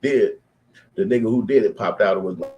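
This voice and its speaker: Animated profane man telling stories. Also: lowish voice, a little fast, highs cut off. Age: 20s to 30s. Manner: animated, profane slang, acts out quoted voices. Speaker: storyteller. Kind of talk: casual street storytelling monologue.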